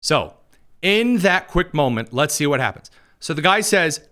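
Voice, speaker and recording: A man's voice: a little high, measured pace, very noisy. A man hosting a political commentary show, mocking and sarcastic as he reacts to clips. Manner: sarcastic and mocking, lively delivery.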